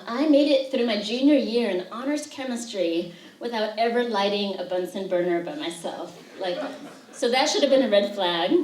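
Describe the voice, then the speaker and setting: A woman's voice: fairly high pitch, slight background noise. A woman poet giving a reading, telling humorous stories with frequent fillers between poems to students in a lecture room. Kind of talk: poetry reading with spoken anecdotes. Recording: roomy sound, voice distant from the mic.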